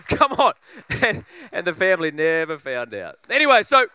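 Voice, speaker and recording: A preacher telling a funny story in a sermon, acting out voices and laughing often. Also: male voice, high-pitched, huge pitch swings, measured pace, pauses often, sharp tone, slight background noise.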